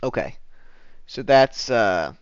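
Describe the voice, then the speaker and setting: A man narrating as game master of a tabletop game, halting and full of fillers. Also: mid-range voice, expressive, clean tone, no echo, lo-fi sound.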